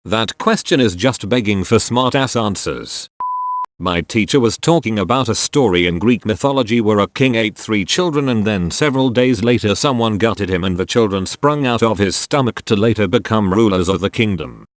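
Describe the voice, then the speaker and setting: A man narrating posts for a Reddit story channel, reading them aloud with a deadpan tone and dry asides. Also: on the low side, no echo.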